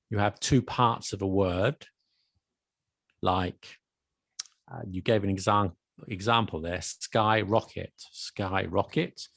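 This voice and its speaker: This co-host has a lowish voice, captured in studio quality without echo. In a relaxed conversation about accents, he walks through points with patient examples.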